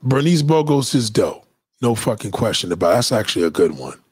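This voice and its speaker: Animated, profane man with a lively voice. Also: fairly low pitch, fairly quick, breathy edge, dry recording, studio quality. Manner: animated, profane, mocking commenters. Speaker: livestream host. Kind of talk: casual livestream rant.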